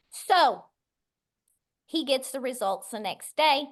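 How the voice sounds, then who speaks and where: A middle-aged woman from West Texas, guesting on a podcast and telling her story with animated voices for the people in it. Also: high-pitched, slow, long pauses.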